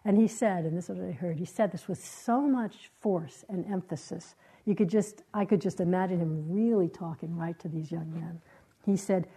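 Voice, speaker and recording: A woman meditation teacher giving a dharma talk in a gentle, reflective way, with halting, searching phrases. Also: on the low side, breathy edge, low-quality recording. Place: meditation hall.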